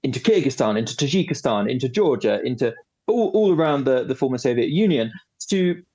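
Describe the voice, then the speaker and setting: Young man from England, podcast guest, animated, hesitant delivery. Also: mid-range voice, a little fast, breathy edge, dull audio. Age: young adult. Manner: animated, hesitant with fillers, playful sound effects. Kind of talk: casual interview chat.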